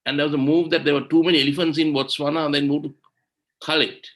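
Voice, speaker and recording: A man's voice: a little high, flat delivery, fast talker. A man giving an impassioned webinar talk on environmental law, indignant and full of rhetorical questions, over a video call. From Sri Lanka.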